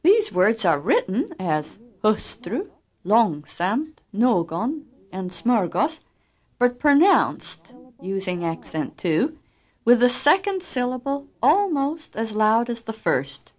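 Woman narrator for a language course: clear, deliberate, explanatory, unhurried delivery with animated pitch. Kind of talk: scripted instructional narration.

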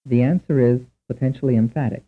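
A man's voice: mid-range voice, fairly even intonation. Man narrating a language drill, tinny. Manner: measured, precise, lecturing. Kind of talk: scripted instructional narration. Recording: tinny narrow-band recording.

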